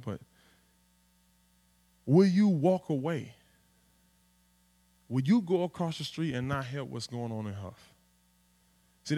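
A man preaching a sermon at a church in street vernacular, swinging from loud outbursts to hushed asides. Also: medium pitch. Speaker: pastor.

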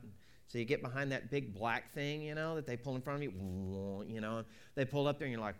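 A man's voice: mid-range voice, brisk, clear, resonant tone. A man preaching a conversational sermon, telling stories in a folksy way and acting out both sides of a conversation. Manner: folksy, repeats "you know".

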